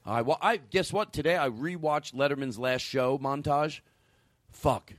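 A man's voice: a little high, moderate pace, dry recording. Rambling, foul-mouthed male podcast host. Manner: rambling, profane storytelling with frequent restarts. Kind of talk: casual chat. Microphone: studio mic with a caller on the line.

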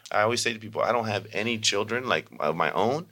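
A man from Baltimore, a yoga and mindfulness teacher, telling stories in a chatty, animated way full of "you know.". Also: on the low side, fast talker. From Baltimore, USA. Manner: animated, acts out quoted voices; frequent fillers like "you know". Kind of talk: conversational storytelling.

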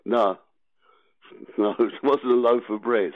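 A man's voice: mid-range voice, slow, dry recording. Elderly British man in his eighties, teasing and evasive, dry phone-line sound. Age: 80s. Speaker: guest. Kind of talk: phone interview.

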